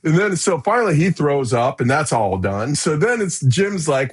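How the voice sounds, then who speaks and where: A middle-aged man, a podcast guest, telling a story in a lively casual way, acting out the shouts and filling in with "you know" and "right?". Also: a little high, normal speed, husky.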